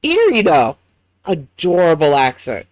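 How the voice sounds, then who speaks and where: High-voiced new york guy ranting on a reaction video, swears a lot, mocking, dry close sound. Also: wildly swooping pitch, a little slow, no room sound. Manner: blunt, profane, mocking. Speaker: commentary host. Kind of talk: angry reaction commentary.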